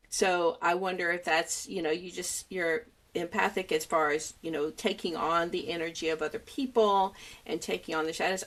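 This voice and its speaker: A middle-aged woman hosting a podcast, talking in a reflective, hesitant way with restarts. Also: on the low side. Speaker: podcast host. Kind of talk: casual conversational interview.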